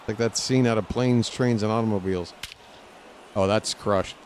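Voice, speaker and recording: A man streaming live gameplay from a lounge chair at home, talking to the game and reacting loudly as he plays. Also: lowish voice, fairly even intonation, moderate pace, a little hiss or hum. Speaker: gaming streamer.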